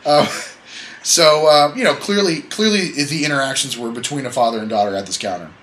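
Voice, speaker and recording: A man's voice: medium pitch, brisk, a bit bright, slight background noise, low-quality recording. A man hosting a casual podcast chat, telling a story in a rambling, joking way and correcting himself as he goes. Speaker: podcast host.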